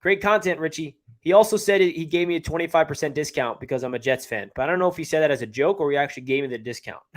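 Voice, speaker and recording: A man's voice: fairly high pitch, fast talker. A man with a New York area accent hosting a casual live stream, chatting and answering viewer comments as he reads them. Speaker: livestream host.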